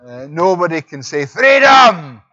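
A man's voice: medium pitch, a little slow. Scottish man preaching, lo-fi recording. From Scotland. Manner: earnest, rising to emphatic preaching. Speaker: visiting preacher. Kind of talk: sermon.

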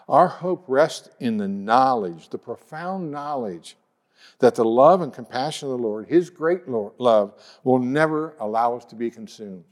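A man preaching a sermon in an earnest way, reading scripture slowly and softly. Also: mid-range voice, lively intonation. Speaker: pastor.

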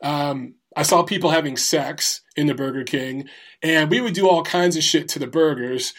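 Guy ranting funny work stories, swears a ton, cracks up laughing, kinda high voice. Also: normal speed. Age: adult, former Marine. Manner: profane, animated, laughs through punchlines. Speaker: storyteller. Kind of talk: casual storytelling.

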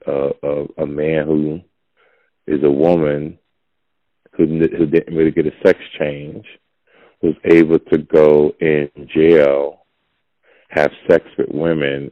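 A man's voice: little pitch movement, slow pace, dry recording. A man hosting a podcast, giving a blunt, preachy opinion monologue in casual talk. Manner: blunt, preachy, gravelly and low. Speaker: podcast host. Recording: dull lo-fi audio.

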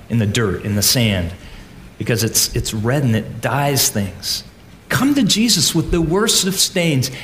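Animated man preaching a sermon. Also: fairly high pitch, slight background noise. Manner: animated, swings between loud emphasis and soft asides; folksy, addresses the congregation as "gang". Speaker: pastor.

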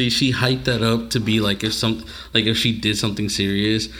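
A man co-hosting a casual podcast, reacting with relaxed, joking banter. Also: fairly low pitch, moderate pace. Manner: laid-back, reactive banter. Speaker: podcast co-host. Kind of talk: casual chat.

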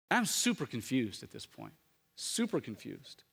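A man preaching as a pastor, swinging from loud rhetorical questions to hushed, intimate tones. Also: mid-range voice, huge pitch swings, measured pace, creaky, husky, in a large hall. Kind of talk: sermon. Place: church sanctuary.

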